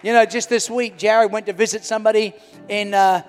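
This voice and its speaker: A middle-aged male pastor preaching a sermon in a large church hall, swinging from loud to hushed. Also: high voice, steady tone, brisk, smooth, a faint crowd. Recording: reverberant church hall with music.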